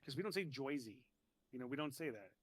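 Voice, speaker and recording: A man's voice: mid-range voice, animated. A man from New Jersey chatting as a podcast guest, rambling and saying "like" a lot. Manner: rambling, peppered with "like", quick laughs. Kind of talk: casual chat.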